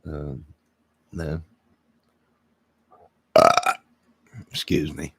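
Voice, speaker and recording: A man's voice: very deep voice, little pitch movement, extremely slow, vocal fry, bright, forceful tone, breathy edge, dry recording. A man chatting casually on a livestream, rambling and joking as he answers viewers' comments. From Illinois, near Chicago.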